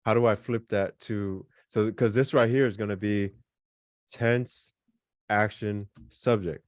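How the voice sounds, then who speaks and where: A man's voice: fairly low pitch, steady tone, measured pace, no room sound, studio quality. A man teaching a beginners' language class, explaining casually with lots of fillers and repeated examples. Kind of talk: online class lesson.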